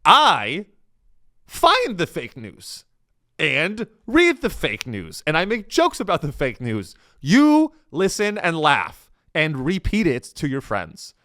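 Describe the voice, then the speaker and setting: A man's voice: fairly high pitch, wildly swooping pitch, slow pace, bright, forceful tone, dry recording, clean studio sound. A young man hosting a comedy podcast, riffing sarcastically on the news and acting out the people he mocks. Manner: sarcastic, rambling, acts out quoted people.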